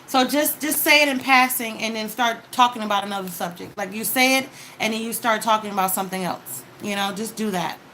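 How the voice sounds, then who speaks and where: A woman's voice: a little high, a little fast, pushed and bright, slight background noise, poor audio. Chatty woman giving a tarot reading. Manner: chatty and advising, frequent "okay?" check-ins. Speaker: tarot card reader. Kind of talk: casual tarot reading monologue.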